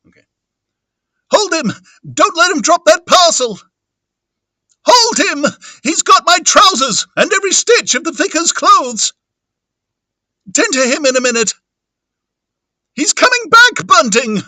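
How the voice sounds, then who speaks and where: A man voicing a panicked village doctor who is shouting in alarm, for an audiobook. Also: extremely high pitch, very animated, unhurried, pauses often, no echo, clean studio sound, voice pushed up, exaggerated voice.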